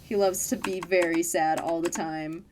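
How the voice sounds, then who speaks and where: A woman's voice: fairly low pitch, fairly even intonation, normal speed, background noise. A young woman chatting casually while streaming a game, laughing often and swearing offhandedly. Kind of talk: casual gaming stream chat.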